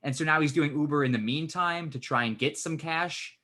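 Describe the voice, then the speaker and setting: Bright-voiced man swearing through a story. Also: on the high side, normal speed. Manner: swears a lot, animated retelling. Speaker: podcast co-host. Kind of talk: casual storytelling chat.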